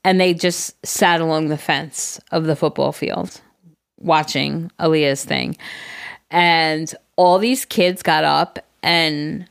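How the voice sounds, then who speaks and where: A woman's voice: deep voice, fairly even intonation, slow, vocal fry, smooth. A woman in her forties chatting on a podcast, telling a story with swearing and acted-out quotes. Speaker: podcast co-host. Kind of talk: casual chat.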